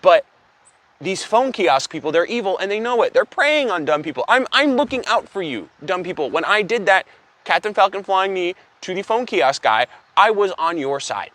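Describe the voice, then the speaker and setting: A young man telling an absurd story as an exasperated, profane, deadpan comedy rant. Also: high voice, normal speed. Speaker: comedic vlogger.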